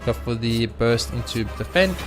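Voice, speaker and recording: A man's voice: mid-range voice, normal speed, faint music behind. A man hosting a let's play video, commenting casually on his game, cheering, swearing and talking to the enemies. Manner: excitable, swears, talks to the game. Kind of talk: gaming commentary.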